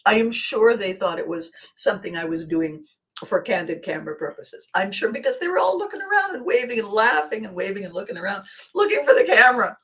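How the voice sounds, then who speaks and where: A woman hosting a podcast, telling a funny personal anecdote in an animated way and laughing often. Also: mid-range voice, fairly quick. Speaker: podcast host. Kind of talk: storytelling anecdote.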